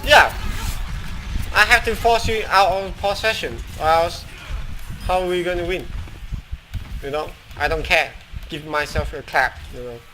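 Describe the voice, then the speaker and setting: A man's voice: a little high, measured pace, long pauses, a little hiss or hum, poor audio. A young man streaming a shooter game, swearing and taunting the other players as he plays. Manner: swearing, taunting, shouting at opponents. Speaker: gamer streamer. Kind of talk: live game commentary, trash talk.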